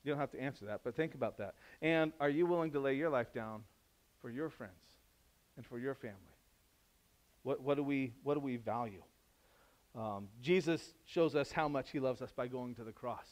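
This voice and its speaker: A man preaching a sermon in a conversational way, climbing to loud, emphatic peaks and dropping to soft, low passages. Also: normal speed. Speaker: pastor.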